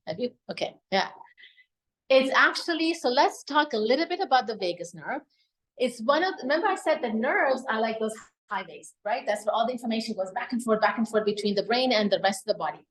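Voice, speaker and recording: A woman's voice: a little high, poor audio. Woman giving a health talk. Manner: explains with questions and frequent "right?". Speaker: wellness presenter. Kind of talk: live health talk to an audience.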